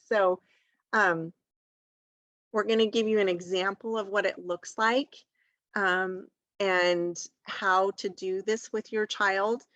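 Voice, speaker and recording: A woman's voice: mid-range voice, a bit bright, highs cut off. A woman teacher guides parents through a writing exercise in a patient, encouraging way, checking in often with "okay?". Her voice sits in a middle register. The sound is dry, with no room echo. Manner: patient, encouraging, explains step by step; frequent "um" and "okay?" check-ins. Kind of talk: instructional walkthrough for parents.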